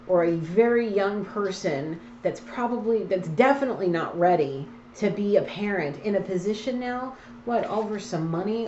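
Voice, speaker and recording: A tarot card reader in an echoey room gives a casual card reading, speaking directly to the listener in a medium-pitched, slightly mellow voice. She's blunt and preachy with a teasing streak. The sound is slightly dull and a little muffled, with a little hiss or hum.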